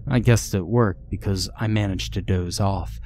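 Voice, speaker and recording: A man's voice: low voice, moderate pace, darkish tone, slight background noise, lightly acted. A man reading the part of a frightened, tearful young woman who fled her home at night. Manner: pleading, tearful. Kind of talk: scripted horror story reading.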